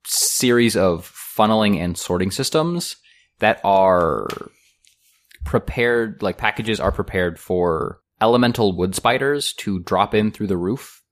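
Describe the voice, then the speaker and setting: A man with a very low voice narrates a tabletop game as its game master. He talks slowly and lays out each scene in loose, descriptive detail.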